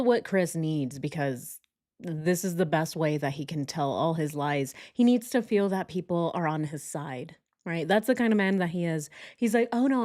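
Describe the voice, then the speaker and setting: A woman's voice: deep voice, a little mellow. A woman chatting casually and joking as she comments on a true crime video, laughing often.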